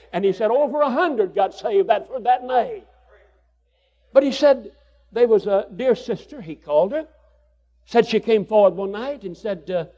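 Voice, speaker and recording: A man's voice: sits high, warm tone, highs cut off. A man preaching a sermon with fervor, repeating phrases for emphasis.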